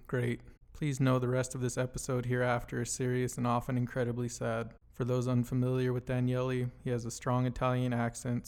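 A man hosting a podcast reads an earnest introduction from a script. His voice is medium-pitched with a somewhat dark tone.

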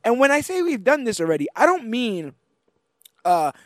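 A man co-hosting a casual comic-book podcast, chatting in an animated way and acting out the lines he retells. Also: very high-pitched, moderate pace, no room sound, clean studio sound. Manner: animated, acts out quoted characters. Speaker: podcast co-host. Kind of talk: casual chat.

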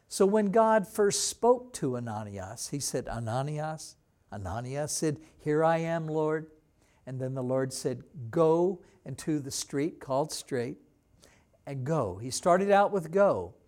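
A male pastor delivering a sermon at an unhurried, measured pace. His voice sits a little higher than most men's, and he voices the quoted lines in the scripture with dramatic lift. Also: expressive, a little mellow. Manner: slow, deliberate teaching with dramatic voiced quotes. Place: church.

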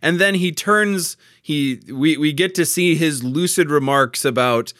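A man's voice: a little high, a little slow, fairly bright tone, no room sound, studio quality. A man in casual conversation about a play, laughing often and restarting his sentences. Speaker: podcast co-host discussing a play. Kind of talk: casual chat.

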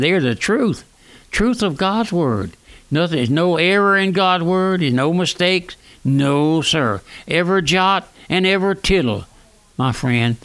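A man, preaching a fervent radio sermon that swings between raised and hushed lines. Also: on the high side. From South Louisiana. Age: 90s.

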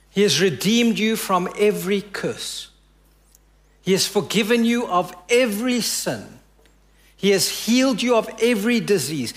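A man with a fairly high voice delivers a sermon as pastor. He tells the story with rising emphasis, then drops soft and hushed to give the quoted words weight. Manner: preaching with dramatic drops to soft quoted lines.

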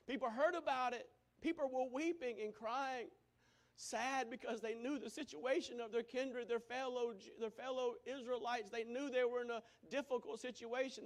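A high-pitched male preacher delivering a sermon. He swings from loud, emphatic preaching to hushed lines that drop almost to a whisper.

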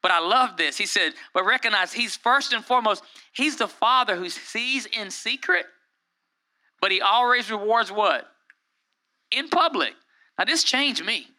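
Man, pastor, high voice, very bright tone, lively sermon delivery. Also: unhurried. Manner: lively preaching, acts out quotes in raised voices.

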